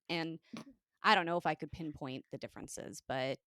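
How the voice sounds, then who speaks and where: An American woman with an Upper Midwest accent, co-hosting a casual podcast chat with quick asides and frequent giggles. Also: deep voice, pushed and bright, no room sound, studio quality. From United States. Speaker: podcast co-host.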